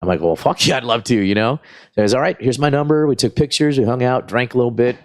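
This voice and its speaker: A man's voice: mid-range voice, fast. A man, a guest comedian telling rambling, profane stories in a casual chat. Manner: profane, rambling, animated retelling. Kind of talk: casual storytelling.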